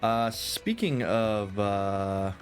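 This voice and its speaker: A man's voice: lowish voice, animated, extremely slow, faint music behind. A man chatting casually while streaming a game at home, rambling and self-deprecating, swearing now and then. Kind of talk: casual gameplay chat. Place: home room with a VR setup.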